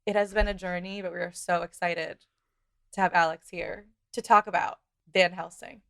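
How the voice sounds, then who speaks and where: A woman's voice: fairly low pitch, fairly even intonation, moderate pace, creaky, fairly bright tone, no room sound, clean studio sound. A woman co-hosting a podcast, chatty and enthusiastic, laughing often in casual chat. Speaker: podcast co-host.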